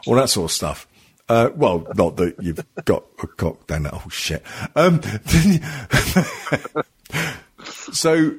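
On his casual comedy podcast, a host with a husky voice rambles, laughs a lot, and curses without restraint. His pitch rises and falls in a lively way.

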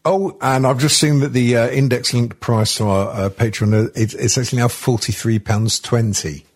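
British podcast host guy, husky voice, swears a lot, laughs at his own jokes. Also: medium pitch, fairly even intonation, normal speed. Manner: crude, jokey, laughs often. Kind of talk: casual comedy podcast chat.

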